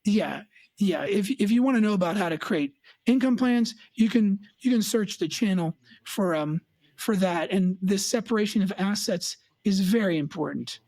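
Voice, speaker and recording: A woman's voice: mid-range voice, moderate pace. An emphatic woman financial advisor talks on a chat show, with a mid-range voice. She acts out the voices of her clients. The sound is dry and close, with no room echo. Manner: emphatic, lively, mimics clients.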